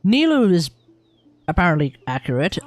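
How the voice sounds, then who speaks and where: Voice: medium pitch, big pitch swings, normal speed, no room sound. Rambling young Australian streamer. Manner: rambling, swears freely, restarts sentences. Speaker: game streamer. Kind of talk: casual live-stream chat.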